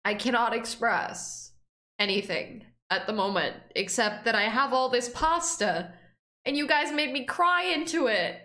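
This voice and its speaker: A woman's voice: on the high side, animated, unhurried, bright, forceful tone, reverberant. A young woman streamer reacting on a casual stream, emotional, teary and swearing freely.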